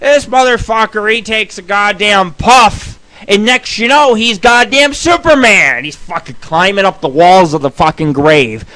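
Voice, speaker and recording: A man's voice: sits high, unhurried, sharp tone. A man hosting a radio show, telling rambling, crude stories packed with swearing. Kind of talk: profane storytelling monologue.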